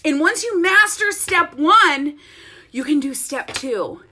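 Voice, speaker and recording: A woman tells an animated, chatty story from her home office. Her voice sits high and bright, with a pitch that leaps all over as she laughs her way through it. She talks casually and straight to her viewers. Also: slow. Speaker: network-marketing business leader and vlogger.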